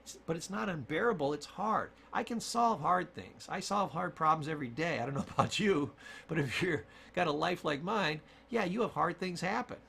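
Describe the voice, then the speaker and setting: Guy giving a motivational lesson, gravelly, punches his points, repeats stuff. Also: a little high, animated, moderate pace, fairly bright tone, slight background noise. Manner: emphatic, repeats key points, shifts pace for stress. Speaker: communication coach. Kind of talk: motivational teaching talk.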